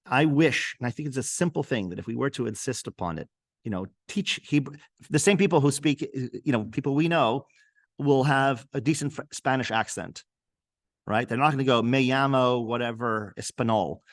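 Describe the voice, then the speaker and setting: A man's voice: mid-range voice, animated, brisk, dry recording, studio quality. A man hosting a podcast interview, French his first language, talking earnestly and thoughtfully with some restarts. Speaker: podcast host. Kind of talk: conversational interview.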